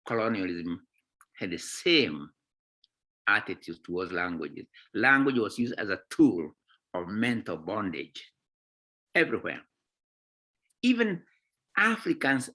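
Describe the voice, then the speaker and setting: Man, guest author, emphatic, keeps asking "eh?" and "right?", bright forceful tone. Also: mid-range voice. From Kenya. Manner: emphatic, often checks in with "eh?" and "right?". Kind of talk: impassioned talk in a conversation series.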